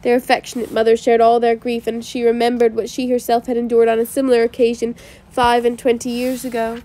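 A woman's voice: a little high, monotone, fairly quick, dark tone. A woman reading a classic novel aloud as an audiobook, with small slips and restarts along the way. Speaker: audiobook reader.

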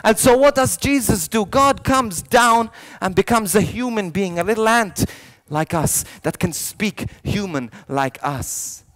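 A priest telling a story in a youth sermon, swinging from soft lines to loud ones and often restarting his words. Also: high voice, measured pace, few pauses, soft background music. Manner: animated storyteller, jumping between hushed lines and loud shouted quotes; frequent restarts and repeated words.

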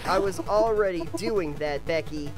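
A man voicing an indignant, theatrical high-school misfit student who rants defiantly, over game music. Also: a little slow. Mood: indignant ranting.

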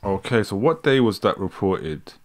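A man's voice: on the low side, sing-song, normal speed. Mocking British man streaming commentary. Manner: mocking, laughs often, slangy. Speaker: streamer reacting to news. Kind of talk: casual live commentary.

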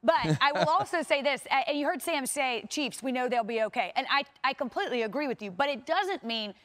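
Brief: quick, slightly high-voiced woman anchoring a sports panel, chatty and leading. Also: lively intonation. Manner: conversational, leads the panel with quick questions. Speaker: studio host. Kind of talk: sports studio discussion.

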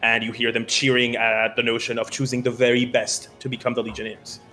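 A man's voice: medium pitch, completely flat delivery, a little fast, pushed and bright, faint music behind. A man narrating as game master in a casual, loose way with many fillers.

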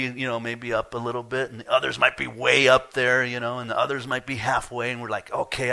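A man preaching a sermon as pastor, emphatic, swinging from hushed asides to loud, pressing points while chatting to the congregation. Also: on the low side.

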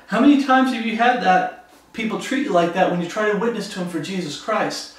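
A man preaching a sermon, fervent and animated, acting out the voices of the people in his story. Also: sits high, brisk. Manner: fervent, acts out quoted voices. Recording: echoey room from far off.

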